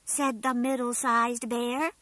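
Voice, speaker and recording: A woman voicing a cheerful toy bear storyteller, reading a storybook tale in a slow, sing-song, emphatic way. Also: a little high, level tone, sharp tone, dry recording. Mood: gentle, storytelling. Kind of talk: scripted storybook narration.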